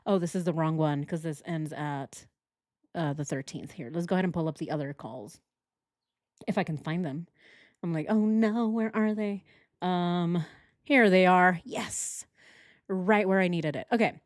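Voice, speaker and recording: A woman's voice: fairly low pitch, normal speed, no echo, studio quality. A woman doing true crime reaction commentary, indignant and conversational, and often asking her viewers questions. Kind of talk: reaction commentary over video.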